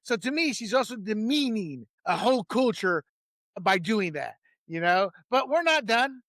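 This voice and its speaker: A man's voice: sits high, big pitch swings, moderate pace, a bit bright, dry recording, clean studio sound. A man hosting a political commentary show, talking in a heated, emphatic way and laughing at his own jokes.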